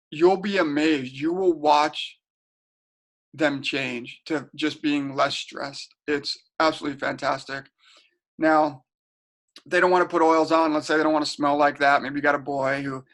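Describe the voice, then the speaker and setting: A man's voice: a little high, steady tone, a little slow, a bit bright. A middle-aged man giving a casual webinar talk, chatty and storytelling, often repeating and restarting words. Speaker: webinar presenter. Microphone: home webinar setup.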